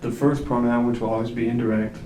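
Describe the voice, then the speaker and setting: A man's voice: medium pitch, flat delivery, fast talker, warm tone. A man tutoring Spanish grammar, explaining patiently and checking in often with "okay?". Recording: echoey room, voice from a distance, background noise.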